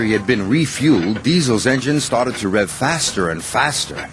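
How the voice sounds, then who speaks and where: A man narrating a children's storybook in an expressive, sing-song way. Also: medium pitch, moderate pace, hardly any pauses, over music. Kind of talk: storybook reading.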